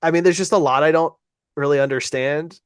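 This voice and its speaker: A man's voice: fairly high pitch, fairly even intonation, a little fast, smooth, dry recording. Man, podcast co-host: easygoing, agreeable, chatty, dry close-miked sound. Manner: agreeable, chatty, trivia-sharing. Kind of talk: casual chat.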